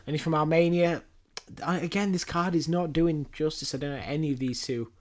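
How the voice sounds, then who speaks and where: A man's voice: fairly high pitch, fairly even intonation, fairly quick, darkish tone. A man co-hosting a podcast, joking and rambling as he runs through fight picks in casual chat. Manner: jokey, rambling, laughs often. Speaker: podcast co-host.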